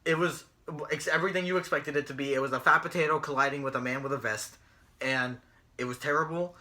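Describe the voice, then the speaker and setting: A man's voice: a little high, fairly even intonation, fast, sharp tone. A young man co-hosting a casual chat show, ranting and mocking with lots of swearing. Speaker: podcast co-host.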